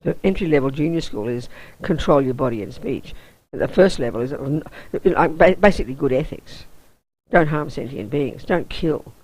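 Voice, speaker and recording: A woman's voice: sits low, animated, moderate pace, a little mellow, breathy edge, poor audio. An Australian woman, a Buddhist nun, teaching a weekend course in an intense, emphatic, down-to-earth way.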